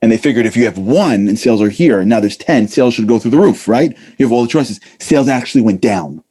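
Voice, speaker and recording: Middle-aged male speaker, animated talk, dark husky tone, acts out quotes. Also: medium pitch, fast. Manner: animated, acts out voices, casual fillers. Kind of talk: lively motivational talk.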